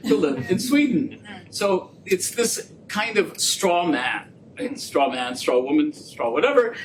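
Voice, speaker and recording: A man giving a talk and answering audience questions, animated and jokey, acting out quoted dialogue as he tells stories. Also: fairly high pitch, slight background noise, low-quality recording. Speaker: guest speaker on trade policy. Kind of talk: lecture and audience Q&A. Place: lecture venue.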